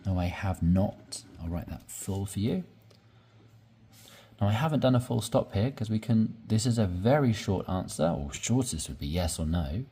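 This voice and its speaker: A man's voice: on the low side, animated, normal speed, dark tone, slightly rough. A man teaching English conversation, explaining sentence structure step by step and often checking in with "right?".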